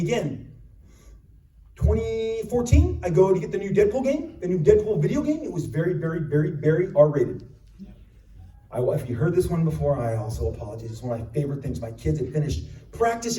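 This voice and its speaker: A man in his fifties, a panel guest at a convention, telling stories in an animated and sarcastic way. He was recorded from the audience in a large hall. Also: sits high. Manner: animated, sarcastic, jumps into voices. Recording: echoey hall from far off.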